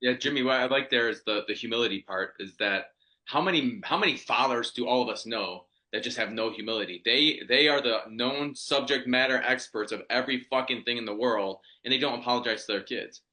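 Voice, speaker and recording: A man's voice: medium pitch, a little fast, sharp tone, echoey room. A man co-hosting a podcast, talking bluntly and profanely in casual chat and laughing easily. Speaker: podcast co-host.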